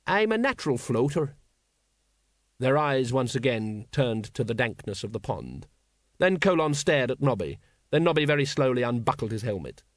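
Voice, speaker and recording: A man reading a comic fantasy novel aloud as an audiobook narrator, with expressive, dryly comic storytelling. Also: medium pitch, normal speed, no echo, studio quality. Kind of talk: scripted narration.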